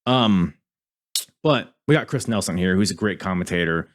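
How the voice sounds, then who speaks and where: A man's voice: deep voice, animated, normal speed. A man hosting a podcast in casual review chat, rambling and swearing, often cutting himself off mid-sentence. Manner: rambling, profane, self-interrupting. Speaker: podcast host.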